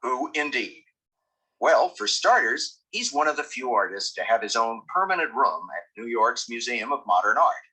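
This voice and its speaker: A man reads a documentary narration in a measured, dry way. His voice is bright with a husky edge, and his pitch moves a lot. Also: big pitch swings, low-quality recording. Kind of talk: scripted narration.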